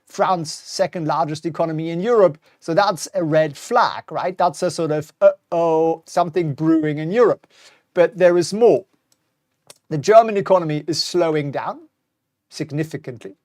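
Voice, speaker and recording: A man's voice: fairly high pitch, moderate pace, darkish tone, dry recording, clean studio sound. A middle-aged man hosting a live-streamed stock market talk, chatty and wry, reading out viewer comments as he goes. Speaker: host.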